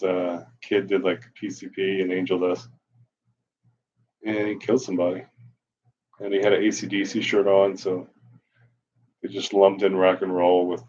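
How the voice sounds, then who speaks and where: Brief: man, 40s, low husky voice, rambling live-stream reader, self-mocking humor, dull lo-fi audio. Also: a little mellow. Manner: wry, self-mocking, off-the-cuff. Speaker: blogger reading his posts on a live stream.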